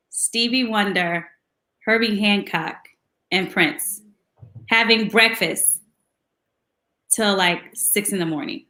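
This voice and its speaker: A woman guest telling lively anecdotes in a casual chat, laughing often and mimicking voices. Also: medium pitch, roomy sound. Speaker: guest musician.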